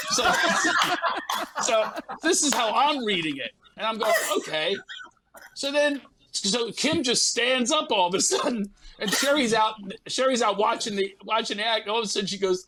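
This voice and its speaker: A man, a comedian guest, telling a story in an animated way and acting out other people's lines in quick bursts. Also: high-pitched, vocal fry, a little hiss or hum, rough recording.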